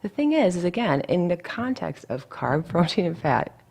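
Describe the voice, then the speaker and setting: A woman's voice: fairly low pitch, sing-song, moderate pace, vocal fry, darkish tone, slight background noise. A woman dietitian talking casually in an interview, blunt and chatty, full of asides.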